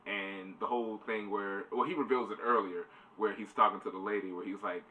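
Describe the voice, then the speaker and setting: A man's voice: lowish voice, steady tone, brisk, bright, forceful tone, highs cut off. A man giving a casual, rambling spoiler review, swearing loosely. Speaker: show reviewer. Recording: distant mic, faint background noise.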